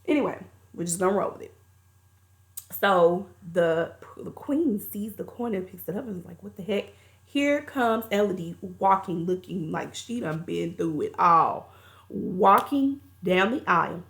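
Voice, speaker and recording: A woman's voice: fairly low pitch, lively intonation, a little slow, fairly bright tone. A woman reviewing a movie, recapping the plot in a chatty, colloquial storytelling way.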